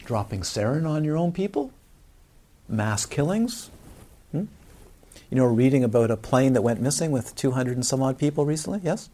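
Buddhist teacher, male, husky, chatty lecture style, keeps checking in with the audience. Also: medium pitch, lively intonation, normal speed, dark tone. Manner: conversational, asks the audience frequent questions. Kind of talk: dharma talk to a live audience.

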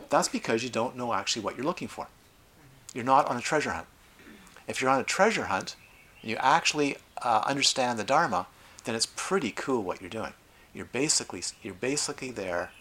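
A middle-aged man teaching meditation at a retreat, talking in an animated way with playful asides. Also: medium pitch, a little hiss or hum. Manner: animated, acts out quoted voices, lively asides. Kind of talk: dharma talk at a retreat.

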